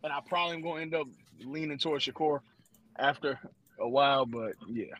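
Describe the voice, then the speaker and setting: A man's voice: a little high, fairly quick, a bit bright. A man co-hosting a podcast, speaking hesitantly and repeating words in casual chat. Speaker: podcast co-host.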